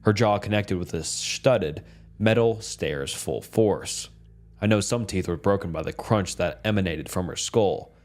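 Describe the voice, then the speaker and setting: A man reading a dark first-person horror story as a calm, steady scripted narration. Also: low-pitched, unhurried.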